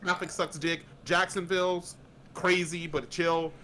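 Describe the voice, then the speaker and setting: A man from Florida, a guest on a casual podcast, telling lively stories and swearing freely. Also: sits high, slight background noise. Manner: animated storyteller, slips into quick voices, swears freely.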